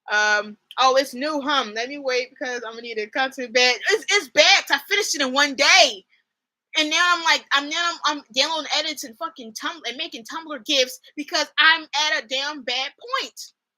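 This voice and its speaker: Young female streamer, gushing and rambling about her shows, sharp and bright in tone. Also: high-pitched, poor audio. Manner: excitable, rambling, gushing with fillers. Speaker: streamer chatting with viewers. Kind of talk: casual fan chat.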